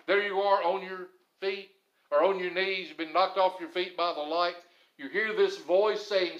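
A man preaching a sermon as pastor, stressing some phrases loudly and dropping others low and quiet. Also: fairly even intonation, moderate pace, echoey room, highs cut off. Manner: emphatic, swings between loud stresses and low quiet phrases.

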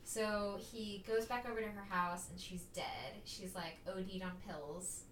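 A woman's voice: mid-range voice, fairly even intonation, distant mic. Chatty woman, echoey and off-mic. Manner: chatty, quick, full of fillers. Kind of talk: casual movie-recap chat. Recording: echoey room with faint noise, off-mic.

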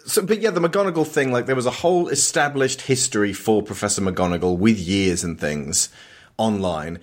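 A man co-hosting a casual film discussion, rambling and jokey with quick asides. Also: fairly low pitch, lively intonation. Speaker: podcast co-host.

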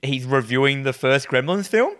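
A man co-hosting a casual film chat, enthusiastic and animated, swearing casually as he retells favourite scenes. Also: mid-range voice, normal speed. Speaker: podcast co-host.

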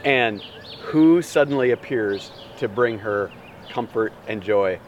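A man preaching an Easter sermon as pastor, telling the story in an animated, dramatic way with big swings in pitch. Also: a little slow, far from the mic, a little hiss or hum.

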